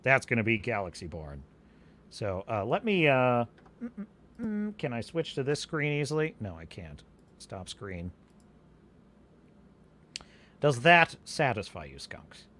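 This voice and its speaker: Guy hosting a live stream, rambly, answers chat, bright voice that swoops around a lot. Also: medium pitch, moderate pace. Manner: animated, rambling, restarts sentences. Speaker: podcast host.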